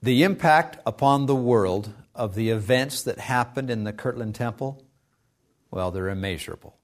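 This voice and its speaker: A man's voice: mid-range voice, moderate pace. A man reading scripted narration for a history program.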